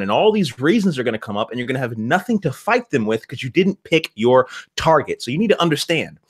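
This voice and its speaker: Fast-talking, punchy motivational man. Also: mid-range voice, sing-song, husky. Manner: fast, punchy, repeats words for emphasis. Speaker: podcast co-host. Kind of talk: motivational talk.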